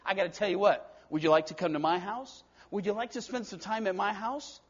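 A man voicing God as a warm, eager, fatherly figure in a folksy way while telling a story in a sermon, on a dull lo-fi recording. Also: extremely high pitch, big pitch swings, brisk, breathy edge, heavily acted. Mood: fond.

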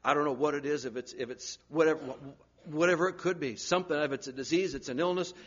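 A man preaching a sermon, swinging from loud urgent pleading down to hushed, near-whispered lines. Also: fairly high pitch, fast talker, slightly rough, lo-fi sound.

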